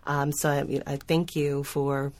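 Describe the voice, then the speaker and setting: A woman choreographer talking on a panel, halting, with repeated restarts. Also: sits low, little pitch movement, a little mellow. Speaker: choreographer guest. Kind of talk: panel discussion.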